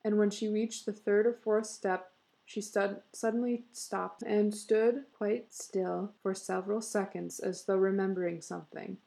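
A woman narrating a story in a measured, expressive way. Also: mid-range voice, vocal fry, low-quality recording.

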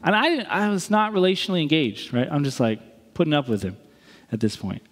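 Animated pastor in a reverberant church hall. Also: male voice, a little high, brisk. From US East Coast. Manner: animated, acts out quotes, jokey then earnest. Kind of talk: sermon with storytelling and closing prayer.

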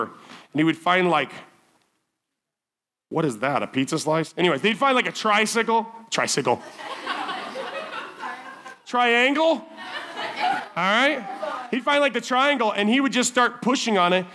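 A man speaking at a teen summer camp, telling stories in a chatty, animated way full of "like" fillers before turning them into a sermon point. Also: high voice, moderate pace, long pauses, noisy background. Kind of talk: storytelling youth sermon.

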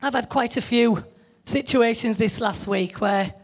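A woman's voice: a little high, a little slow. An older woman preaching an informal sermon, chatty, laughing often and putting questions to her listeners.

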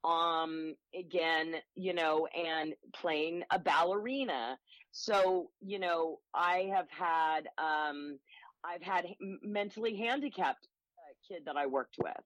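A woman guest, an acting coach, talking enthusiastically and telling quick anecdotes in an interview. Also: fairly low pitch, a bit bright, dry recording, highs cut off. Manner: enthusiastic, upbeat, rapid anecdotes. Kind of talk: interview conversation.

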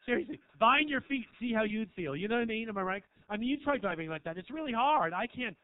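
Male comedian, high voice, provocative crowd work, dry tinny sound. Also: expressive, fast talker, dry recording. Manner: provocative, rambling, teasing the audience. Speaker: stand-up comedian. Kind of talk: stand-up set, crowd work. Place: small comedy club. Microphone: handheld stage mic.

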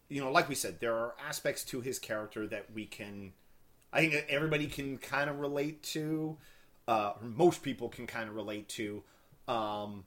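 A man co-hosting a podcast, chatting about a movie in a halting way with many restarts. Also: mid-range voice, a bit bright. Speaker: podcast co-host. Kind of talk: casual film review chat.

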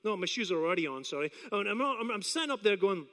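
Scottish man, forties, storytelling sermon, high and bright voice, long hall reverb. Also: quick pace. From Scotland. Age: 40s. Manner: animated, self-deprecating storyteller who acts out his own inner doubts.

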